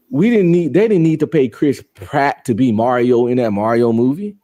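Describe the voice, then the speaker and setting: Male co-host, casual slang-heavy banter, mid-pitched, opinionated. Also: mellow. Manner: slangy, opinionated, agrees readily. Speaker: podcast co-host. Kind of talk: casual chat.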